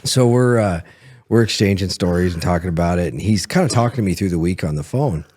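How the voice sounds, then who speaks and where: Low-voiced man telling rambling stories. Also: animated, fast, a little mellow. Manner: rambling anecdotes with frequent laughs and restarts. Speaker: podcast host. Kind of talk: casual storytelling chat.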